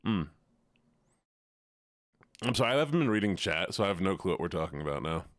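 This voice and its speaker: A man teasing his chat, lively pitch. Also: a little fast, no echo, clean studio sound. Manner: playful and teasing, mock outrage with big jumps in pitch. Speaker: live streamer. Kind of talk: casual chat with a stream audience.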